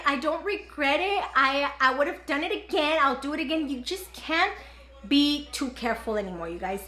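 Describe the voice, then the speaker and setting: A woman's voice: high-pitched, a bit bright. A young woman vlogging at home, telling a story to her viewers in a chatty way full of fillers. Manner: chatty, filler-heavy, "like" throughout. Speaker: vlogger, mother. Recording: roomy echo.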